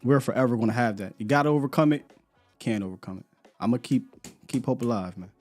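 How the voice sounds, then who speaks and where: A man's voice: mid-range voice, quick pace, darkish tone, soft background music. Laid-back man hosting a sports show. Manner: loose, laughing, repeats words. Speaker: sports podcast host. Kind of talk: casual live-stream chat.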